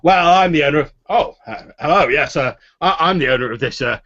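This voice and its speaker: A brash, bearded tavern keeper, as a man puts him on, booming tall tales in a raised, lively voice. He blusters like he's had a few too many. It comes through on a dull, lo-fi tabletop-game recording. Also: normal speed. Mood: flustered. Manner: blustering, tipsy storytelling. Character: loud boastful bearded male tavern owner.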